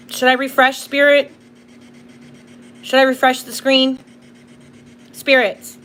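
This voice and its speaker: A woman's voice: high voice, level tone, takes it slowly, pauses often, a bit bright, slight background noise. A woman hosting a live spirit box session, emotional and apologetic as she talks to the spirits, close to tears. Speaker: tarot reader and spirit box host.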